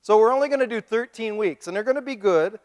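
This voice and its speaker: Joking preacher in an echoing church. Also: male voice, high voice, fast talker. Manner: animated, joking, mimics other people. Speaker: pastor. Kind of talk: sermon. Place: church sanctuary. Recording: long reverb of a church hall.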